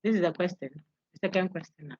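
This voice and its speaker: A woman's voice: lowish voice, fast, a little mellow, husky, no echo, highs cut off. A woman lecturer going over quiz answers in an online class, explaining each option step by step and calling on students to read. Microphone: video call.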